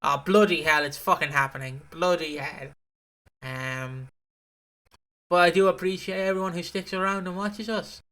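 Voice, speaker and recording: A man's voice: sits high, little pitch movement, moderate pace, pushed and bright. A man co-hosting a podcast in casual chat, rambling and swearing freely. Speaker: podcast co-host.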